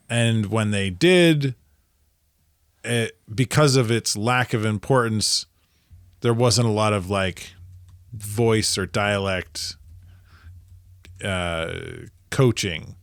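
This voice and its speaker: Lower voiced guy on a movie podcast wondering out loud, trails off a lot, super dry mic. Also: clear, resonant tone, dry recording. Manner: musing, hesitant, trails off, laughs often. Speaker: podcast co-host. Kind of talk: casual movie review chat.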